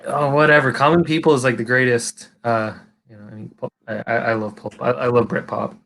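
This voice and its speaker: A man's voice: medium pitch, fairly even intonation, brisk, fairly bright tone. Californian man, stream host, rambly with many restarts, casual swearing, faint background noise. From California, USA. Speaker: livestream host. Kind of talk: casual chat.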